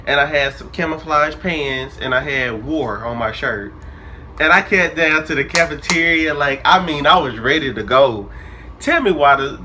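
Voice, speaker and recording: Animated young man telling a story. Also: mid-range voice, slight background noise. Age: early 20s. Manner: animated, dramatic retelling with quoted dialogue. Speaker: vlogger. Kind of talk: casual storytelling.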